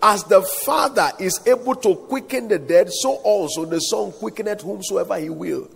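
A man's voice: sits high, moderate pace, creaky. A man preaching a sermon with emphatic delivery, calling out for the congregation to respond. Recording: echoey hall, voice at times off-mic.

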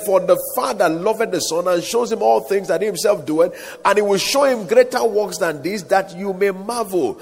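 A man's voice: high voice, gravelly, long reverb tail. A man preaching a sermon, quoting scripture in old-style wording and calling on the crowd to say amen. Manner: preaching with calls for amen and King James quotations.

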